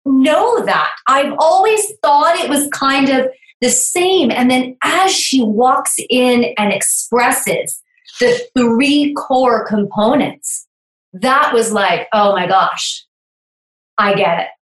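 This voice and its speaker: A woman's voice: high-pitched, expressive, slow pace, roomy sound, low-quality recording. A woman hosting a podcast over a video call, talking in an enthusiastic, exclaiming way. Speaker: podcast host. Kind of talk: casual interview chat.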